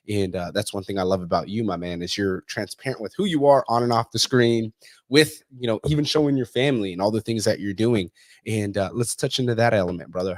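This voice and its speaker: A man in his thirties hosts a podcast and talks fast in swearing, hyped bro slang. His voice sits fairly low, and the sound is dry and close, with no room around it. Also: no room sound. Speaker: podcast host. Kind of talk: casual interview chat.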